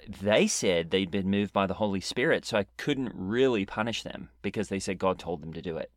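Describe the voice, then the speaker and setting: Man, low-pitched, deadpan improv storyteller, dry close mic. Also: normal speed, hardly any pauses, dry recording. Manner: deadpan, rambling, hesitant with many restarts. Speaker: comedy podcast co-host. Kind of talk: improvised character comedy chat.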